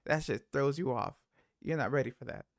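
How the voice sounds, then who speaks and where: A man's voice: medium pitch, a little fast, gravelly, very noisy. A man hosting a reaction video, talking in a laid-back, slangy way and exclaiming at the clips. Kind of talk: casual reaction commentary.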